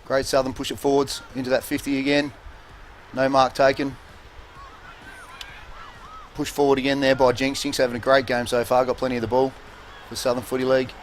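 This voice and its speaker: A man with an Australian accent commentating a local football game in a relaxed, halting way with many fillers. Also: medium pitch, a little hiss or hum. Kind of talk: casual sports commentary. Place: commentary box at an outdoor oval.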